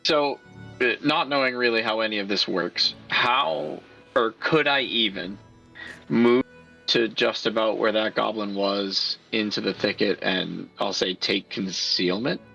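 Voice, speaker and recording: A man's voice: on the low side, unhurried, gravelly, pushed and bright, highs cut off, faint music behind. A man playing a tabletop game, hesitant and asking how the rules work. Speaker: player.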